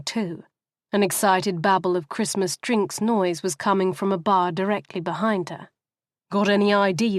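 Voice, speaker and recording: A woman narrating a novel in a steady, even storytelling manner, close to the microphone. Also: mid-range voice, no room sound. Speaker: audiobook narrator.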